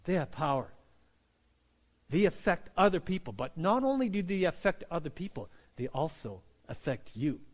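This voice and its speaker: A pastor delivering a sermon in a high, light voice. He talks to the congregation like a conversation, often tagging his points with a quick question and restarting phrases as he goes. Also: very animated. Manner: conversational preaching, frequent "right?" and "you know" tags, repeated restarts.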